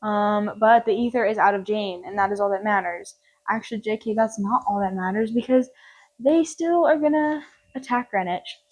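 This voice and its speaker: A woman's voice: mid-range voice, moderate pace, a little mellow, poor audio. A young woman casually recapping a film plot, rambling and joking with lots of filler words. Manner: rambling, jokey, full of "like" and "um". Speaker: film reviewer.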